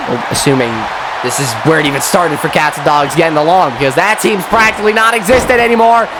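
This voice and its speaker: Excitable high-voiced man calling wrestling. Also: quick pace, a crowd in the background, background noise. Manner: excitable, swears mildly, laughs at own slips. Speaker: wrestling commentator. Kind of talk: solo play-by-play commentary of a video game match.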